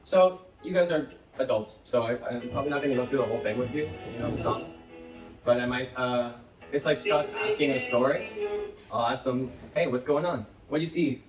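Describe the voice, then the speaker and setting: A man demonstrating a children's English lesson to a room of teachers, switching into an excited classroom voice. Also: medium pitch, a little fast, recorded from a distance, music in the background. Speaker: teacher trainer. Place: training room with other teachers. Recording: echoey room, picked up from afar.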